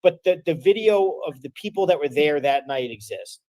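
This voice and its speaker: A man's voice: a little high, animated, normal speed, mellow, no echo. Sarcastic emphatic man, dry sound. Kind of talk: casual podcast discussion.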